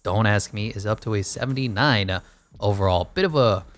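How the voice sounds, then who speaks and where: A man's voice: fairly low pitch, normal speed. A man giving casual play-by-play commentary over a basketball video game, with wry joking asides. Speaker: gaming YouTuber.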